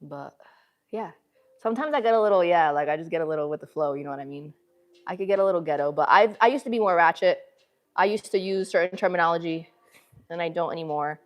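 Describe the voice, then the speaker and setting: A woman with a northern city accent chats to her livestream viewers from the gym, loose and slangy. Her voice sits a little low for a woman. She talks straight to the camera like she's talking to friends. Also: fast. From northern United States. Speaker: livestream host. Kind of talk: casual livestream chat. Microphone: phone camera.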